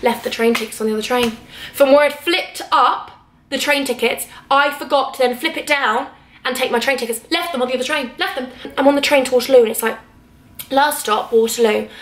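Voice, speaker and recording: A young woman telling a story in an animated, chatty vlog, acting out each side of the conversation from her hotel room. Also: on the high side, fast, roomy sound. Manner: animated, acts out both sides of conversations. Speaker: vlogger.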